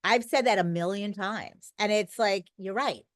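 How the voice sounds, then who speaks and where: A woman's voice: medium pitch, normal speed, no room sound. A middle-aged woman talking as a podcast guest, an emphatic and talkative storyteller in casual conversation. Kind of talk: conversational interview.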